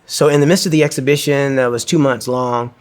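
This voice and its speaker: A man's voice: mid-range voice, steady tone, a little fast. A man giving a talk, telling a personal story in an earnest, reflective way that turns emotional, acting out dialogue as he goes.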